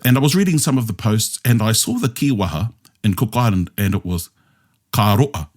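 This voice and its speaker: A man's voice: fairly low pitch, lively intonation, brisk, a little mellow. A man with a New Zealand accent leading a language discussion, explaining patiently step by step and checking in with his listeners. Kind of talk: explanatory teaching chat.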